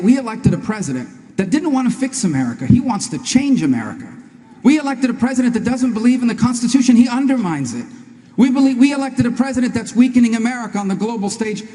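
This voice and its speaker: A man speaking as a presidential candidate in a debate, in a rapid, emphatic, repetitive stump-speech style. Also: sits high, dark tone, big-room sound, slight background noise. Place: large debate hall.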